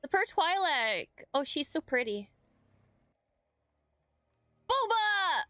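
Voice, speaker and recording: A woman's voice: extremely high pitch, very animated, takes it slowly, sharp tone, no room sound, studio quality. A woman streamer reacting to a show, gushing and breathless, swearing freely and stammering when overwhelmed. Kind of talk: excited reaction commentary.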